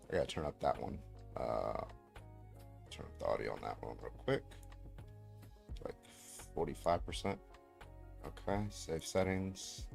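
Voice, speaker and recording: Deep-voiced profane livestream host. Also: male voice, vocal fry. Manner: profane, talks through tech setup with sudden loud outbursts. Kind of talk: casual livestream chat. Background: faint music.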